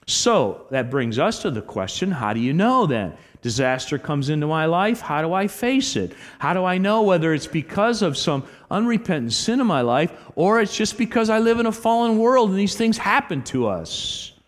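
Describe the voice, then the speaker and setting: A man preaching a sermon as pastor, emphatic, moving between loud exhortation and hushed earnestness. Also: high-pitched, big pitch swings, moderate pace, few pauses, big-room sound. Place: church sanctuary.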